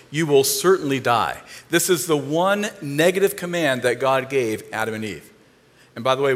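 A man preaches with a lively, swooping voice that sits a little high for a man. His delivery is animated and playful, full of jokes. The sound carries a long reverb, like a large church hall. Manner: animated, joking storyteller. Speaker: pastor. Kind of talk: sermon.

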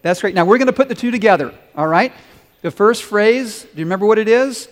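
A man with a high, light voice preaches to his congregation with earnest warmth of purpose. His words ring out in a large sanctuary with a long, lingering reverb. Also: expressive, quick pace. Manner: earnest, leads the congregation in call-and-response. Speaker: pastor. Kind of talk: sermon.

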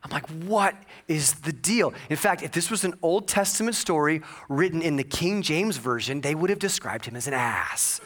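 A male pastor preaching a sermon, telling a personal story with humor and bursts of loud excitement. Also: fairly high pitch, moderate pace, few pauses. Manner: animated storytelling with jokes and sudden loud bursts.

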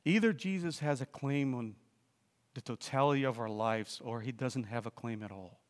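A man preaching a sermon, telling a story with frequent restarts and fillers, then building to loud, emphatic appeals. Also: mid-range voice, normal speed, in a large hall.

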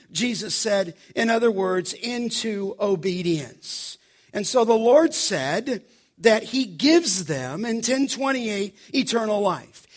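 A man preaching a sermon as pastor, leaning hard on key phrases and slowing down for emphasis. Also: very high voice, a bit bright.

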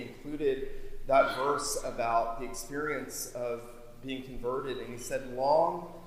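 A man's voice: mid-range voice, a little hiss or hum. A man preaching a sermon as pastor, reading scripture and speaking with emphatic swells in volume. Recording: echoey hall, mic at a distance.

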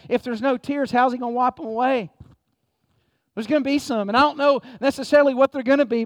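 A man's voice: very high voice, no room sound. A man pastor, preaching an impassioned sermon and reading scripture aloud in a church.

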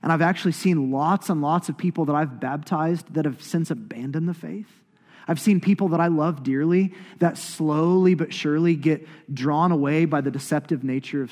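A thirty-something male pastor preaches with a slightly high voice, rising to loud emphatic peaks and then falling to breathy whispers. His sermon rings out with a long reverb, as in a big church hall. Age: 30s.

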